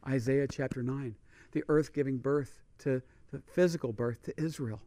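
A man preaching a sermon on Bible prophecy, swinging between loud declarations and hushed emphasis. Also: mid-range voice, normal speed, no echo.

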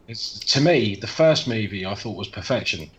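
A man from the UK with a lowish voice, chatting casually on a podcast. He is blunt and quick to dismiss, swearing freely, and a faint hiss sits behind him. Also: animated, muffled recording. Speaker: podcast co-host. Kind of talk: casual horror movie chat.

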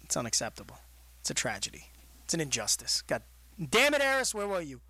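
Animated, lively man telling wrestling stories. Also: a little high, fast talker. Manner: animated storyteller, laughs often, acts out voices. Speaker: wrestling podcast co-host. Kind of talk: casual chat.

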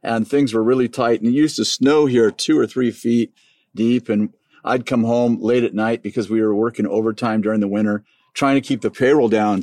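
A man in his sixties, a business owner, telling a family story in casual conversation and acting out the voices of others. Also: dry recording. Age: 60s. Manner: animated storyteller, acts out voices in a high pitch.

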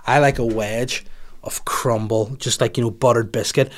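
A comedian, rambling through listener questions in a crude, jokey podcast chat. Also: male voice, mid-range voice, steady tone, normal speed.

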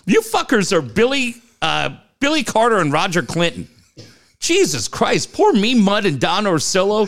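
A man's voice: sits high, very animated, normal speed. A man co-hosting a sports talk show, ranting sarcastically and swearing at fans. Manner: loud, sarcastic, swearing, mocking. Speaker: sports radio co-host. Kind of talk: profane sports talk rant.

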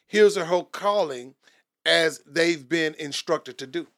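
A man's voice: a little high, slow, fairly bright tone. A man co-hosting a casual faith talk, speaking earnestly in a preaching tone and often repeating words as he builds a point. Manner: earnest, repeats words, asks "you know what I'm saying".

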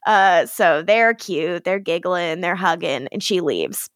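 A woman's voice: on the low side, takes it slowly, no room sound, studio quality. A woman co-hosting a podcast, casually recapping a TV episode, laughing often and swearing freely.

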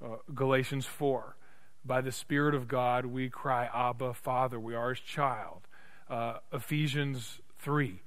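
A man preaching a sermon as pastor, passionate and emphatic, swinging from loud peaks to hushed, intimate passages. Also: medium pitch. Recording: long reverb of a large hall.

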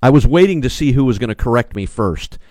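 A male pastor delivers a sermon from a small studio, stressing key phrases again and again and calling on his listeners to answer. His voice sits at a middle pitch, recorded close and dry with no room sound. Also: lively intonation, fast, darkish tone, no echo. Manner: emphatic, repeats key phrases, calls on listeners.

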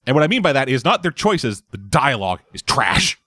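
Blunt, profane man with a lively voice. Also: medium pitch, a little fast, husky, no echo, studio quality. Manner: blunt, profane, animated critique. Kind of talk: casual chat.

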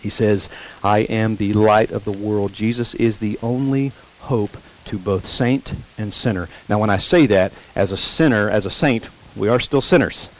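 Here the pastor's voice is lowish and the audio quality is poor. Preaching to his congregation, he repeats important phrases slowly to stress them and asks the listeners questions.

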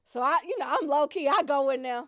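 A woman's voice: high voice, a little fast, very noisy. A woman telling a funny family story in a loose, casual way, laughing often and acting out her relatives. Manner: animated, laughs often, acts out family members. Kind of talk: comic storytelling.

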